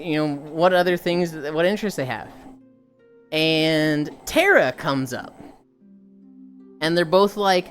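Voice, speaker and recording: A woman in her thirties, a livestreamer telling stories to her chat in an animated, chatty way with casual swearing. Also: fairly low pitch. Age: 30s. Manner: animated, profane, chatty, greets viewers.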